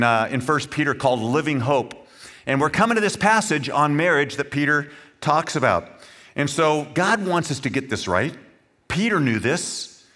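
A man's voice: a little high, fairly bright tone. A man preaching a sermon to his congregation, earnest and emphatic, speaking directly to the listeners. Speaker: pastor.

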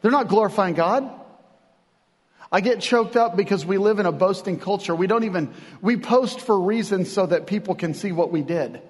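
Pastor, male, high-pitched voice, lively conversational sermon delivery in a church with long reverb. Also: normal speed. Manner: animated, conversational preaching with acted-out quotes.

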